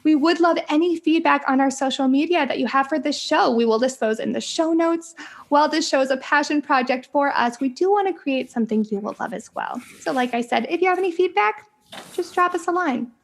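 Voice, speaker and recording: Bubbly lady hosting a podcast on zoom, high voice with lots of fry, giggles and trips on words. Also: fairly quick. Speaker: podcast host. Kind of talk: casual podcast chat over video call. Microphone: video call.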